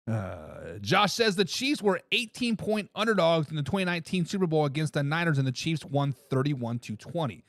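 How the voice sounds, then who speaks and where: A man hosting a sports talk live stream, reading viewer comments and joking back at them in an excitable way. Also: a little high, normal speed, dry recording. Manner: excitable, laughs and repeats himself, teases commenters. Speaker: sports talk show host.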